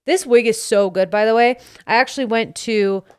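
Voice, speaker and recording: Chatty woman with a smooth voice. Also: fairly high pitch, moderate pace. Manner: animated, acts out friends' voices in quotes. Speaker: podcast host. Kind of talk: casual storytelling chat. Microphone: studio microphone.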